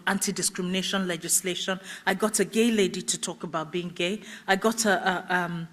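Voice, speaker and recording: A middle-aged woman telling her life story as a festival speaker, animated and laughing often as she acts out what people said. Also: mid-range voice. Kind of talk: personal storytelling talk. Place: festival stage.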